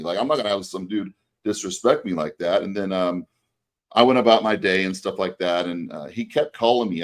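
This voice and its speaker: A man with a low voice tells a story on a podcast, looping back through fillers and false starts. His delivery is loose and conversational, a co-host talking with a friend. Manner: rambling anecdote with many fillers and restarts. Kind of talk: casual storytelling chat.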